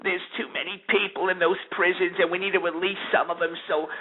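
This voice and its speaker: A man's voice: sits high, fairly even intonation, fast talker, narrow, tinny audio, slight background noise, close to an everyday voice. Een man die speelt een stamelende rechter. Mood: mocking. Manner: stammering, mocking. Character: pompous male judge excusing prisoner release.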